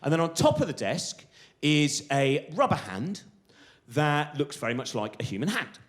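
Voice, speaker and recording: A middle-aged comedian telling stand-up stories, excitable and acting out the voices of people in them. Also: male voice, on the high side, moderate pace. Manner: animated, excitable, acts out voices of people in his anecdotes. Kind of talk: stand-up storytelling.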